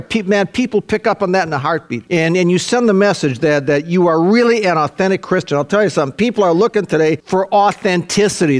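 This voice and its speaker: An older male pastor delivers a sermon with a slightly high voice. He talks in a folksy way, dropping "see" and "man" into his lines. He swings between quiet asides and emphatic, fervent climbs.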